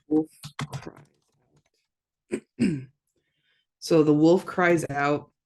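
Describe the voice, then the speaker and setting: A language teacher leading a slow pronunciation drill, repeating each phrase and clearing their throat often, with casual asides. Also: medium pitch. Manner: casual, self-deprecating asides.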